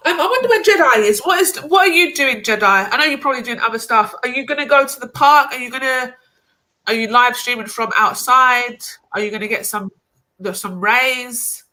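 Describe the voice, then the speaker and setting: A young woman hosting a live stream, chatty and animated, laughing easily. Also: fairly high pitch, brisk. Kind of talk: casual chat.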